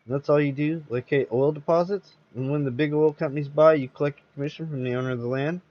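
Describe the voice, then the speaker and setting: A man voicing an idle, gullible small-town male loafer, wide-eyed and excitable. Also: a little high, fast talker, highs cut off, voice pushed up, natural voice. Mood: amazed.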